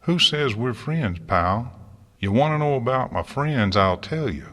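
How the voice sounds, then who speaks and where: A man's voice: medium pitch, expressive, measured pace, big-room sound, voice pushed up. Applejack, a man doing a hot-tempered country mare. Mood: combative. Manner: barking, folksy, cooing when soft.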